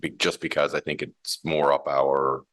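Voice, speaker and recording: A man's voice: rumbling low, level tone, moderate pace, fairly bright tone. A man who heads a mining company, explaining his ideas in a thoughtful interview with many restarts and fillers. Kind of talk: conversational interview.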